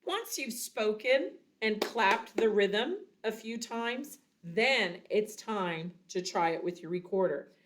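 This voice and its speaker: Slow, patient woman teaching a lesson. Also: medium pitch, animated, noisy background. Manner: slow, patient, explains step by step. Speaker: music teacher. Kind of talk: recorder lesson.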